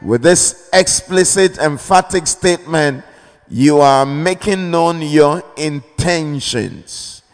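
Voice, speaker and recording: A man preaching in a slow, measured cadence, going back over his key phrases. His voice sits a little high for a man and comes through smooth and clear. A long reverb from a large hall trails each phrase. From Ghana. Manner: slow, deliberate, repeats key phrases, calls for amens. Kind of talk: sermon.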